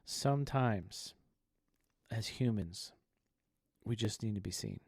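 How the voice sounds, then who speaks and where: Gravelly-voiced man telling a story. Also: lowish voice, slow pace, darkish tone, no room sound, clean studio sound. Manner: earnest, storytelling. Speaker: podcast co-host. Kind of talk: casual chat.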